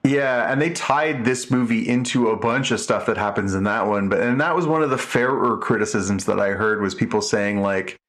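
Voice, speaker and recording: A middle-aged man co-hosting a podcast in casual chat, rambling with many restarts and fillers. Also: lowish voice. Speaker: podcast co-host.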